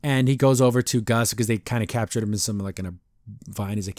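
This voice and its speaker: A man hosting a podcast, casually recapping a cartoon episode in a rambling, animated way, acting out the characters' lines. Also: on the low side, fast talker, no echo, studio quality.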